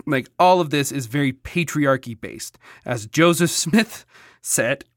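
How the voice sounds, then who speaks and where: Podcast host, mid pitch, dry close mic, casual and wry, reads notes with asides. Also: lively intonation, unhurried, no room sound. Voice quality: joking, stumbles over hard names. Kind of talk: casual chat, reading history notes.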